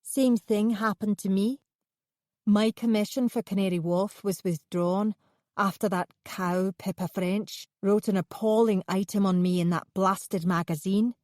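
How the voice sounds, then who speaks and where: A woman's voice: medium pitch, fairly even intonation, unhurried, darkish tone, dry recording, studio quality, close to an everyday voice. A woman voicing a bitter, menacing male artist in an audiobook, congenial on the surface and snarling underneath.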